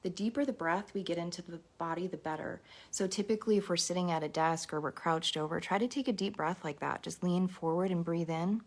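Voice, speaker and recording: A woman leading a live guided meditation and mindfulness talk, gentle and encouraging, speaking straight to her viewers. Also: lowish voice, fairly quick, few pauses.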